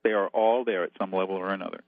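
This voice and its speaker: A man's voice: deep voice, fairly even intonation, very fast, no echo. A man as a guest expert, calling in and laying out numbered steps in a methodical, instructive way over a tinny phone line. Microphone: telephone.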